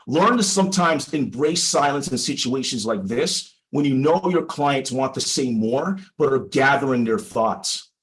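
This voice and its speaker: Man, lawyer, prepared talk, measured and deliberate, emphatic pauses, instructive, middle pitch. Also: poor audio. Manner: explanatory, instructive tone. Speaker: personal injury lawyer. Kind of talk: prepared presentation for a legal audience.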